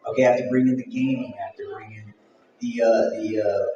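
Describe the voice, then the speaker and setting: A convention organizer speaking at a panel, candid and jokey, with a rambling, casual delivery. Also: male voice, lowish voice, fairly even intonation, fast talker, warm tone, recorded from a distance, muffled recording, slight background noise. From Mexico. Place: event hall. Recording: very echoey hall, from afar.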